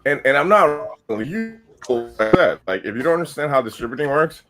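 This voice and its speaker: A man's voice: a little high, expressive, fairly quick, over music. A man hosting a podcast, ranting heatedly and swearing constantly in casual talk. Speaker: podcast host.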